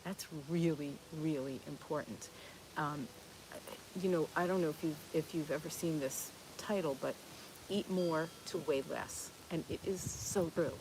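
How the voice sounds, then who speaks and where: A woman's voice: sits low, measured pace, noisy background. A woman in her fifties hosting a live Q&A stream, chatting in a rambling way with lots of fillers and restarts as she answers viewer comments. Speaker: host of a plant-based cooking channel.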